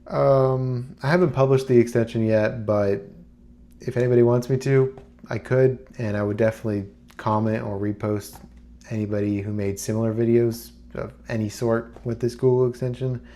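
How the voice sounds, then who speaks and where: A man talking casually to camera as a YouTuber, rambling and relaxed with plenty of fillers. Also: medium pitch, moderate pace. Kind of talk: casual screen-recorded talk.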